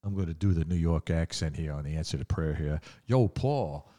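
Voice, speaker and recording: Older male preacher, very deep voice, folksy and conversational podcast sermon. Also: steady tone, fast talker, dark tone. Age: 60s or 70s.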